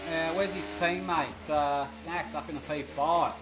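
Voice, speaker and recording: Excitable man commentating sim racing. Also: a little high, unhurried. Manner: excitable, rambling with fillers. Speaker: race commentator. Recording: noisy background of engine sounds. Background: racing car engine noise.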